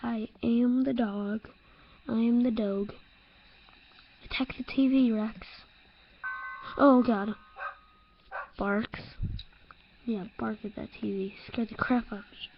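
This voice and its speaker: A young woman talks through a horror game at an unhurried pace, her voice sitting a little high. She is excitable and jumpy, laughing off her own scares. The slightly dull, lo-fi mic gives it a home-recorded sound. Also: creaky, slight background noise. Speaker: let's-play gamer.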